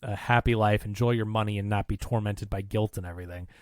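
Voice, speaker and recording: A man's voice: on the low side, steady tone, no room sound, clean studio sound. Man retelling a film plot. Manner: retells scenes with quick put-on voices. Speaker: podcast co-host. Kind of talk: casual film discussion.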